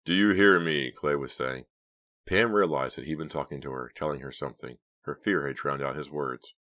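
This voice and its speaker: A man narrating an audiobook in a measured, steady reading voice. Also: extremely low pitch. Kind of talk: scripted narration.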